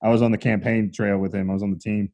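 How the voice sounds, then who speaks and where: A man hosting a podcast, telling anecdotes in an animated, profane, rushing way. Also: fairly low pitch. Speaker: podcast host. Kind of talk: casual storytelling chat.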